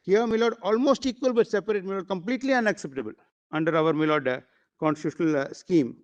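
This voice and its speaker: High-voiced advocate. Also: male voice, fast, muffled recording. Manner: formal, deferential, repeats the court address often; hesitant at times, with fillers and restarts. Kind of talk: courtroom argument.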